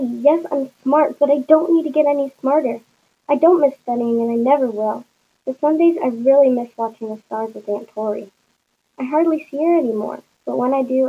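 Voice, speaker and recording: Woman reading a story, high voice, breathy, muffled lo-fi sound. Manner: plain storybook reading, puts on small voices for the dialogue. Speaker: narrator. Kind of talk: reading a first-person story aloud.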